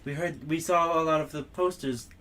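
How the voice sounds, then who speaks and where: A woman's voice: deep voice, moderate pace, a bit bright. A woman playing an earnest adventurer in a put-on British accent, speaking hesitantly.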